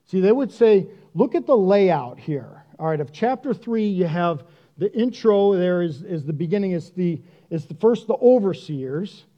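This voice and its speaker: A man preaching a sermon in a conversational, self-deprecating and animated way. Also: high voice, normal speed, highs cut off. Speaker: pastor.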